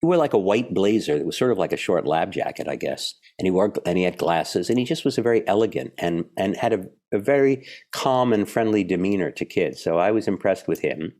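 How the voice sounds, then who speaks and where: A man in his seventies from Philadelphia, a guest actor telling animated stories in an interview. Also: sits low, a little fast, hardly any pauses. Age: 70s. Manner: animated storyteller, acts out the people in his stories. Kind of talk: relaxed interview storytelling.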